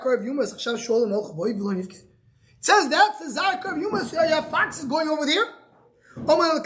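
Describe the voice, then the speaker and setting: A man's voice: extremely high pitch, fairly bright tone. A male rabbi giving a daily Talmud class. He reads each line of the Aramaic text and then explains it in English, often repeating words as he searches for the phrasing.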